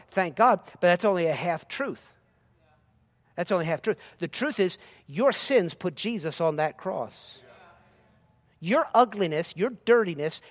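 A man preaching a sermon with emphasis, shouting some scripture lines and dropping to quiet, mocking asides. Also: sits high, big-room sound.

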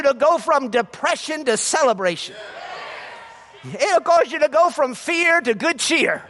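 A man preaching a sermon as pastor, fervent and building to shouts of praise. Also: extremely high pitch, animated, moderate pace.

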